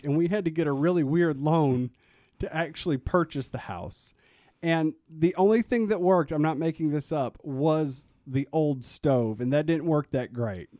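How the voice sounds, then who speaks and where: A man's voice: fairly high pitch, darkish tone, dry recording, clean studio sound. A man co-hosting a podcast, telling a story earnestly in casual chat, often restarting and laughing. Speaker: podcast co-host.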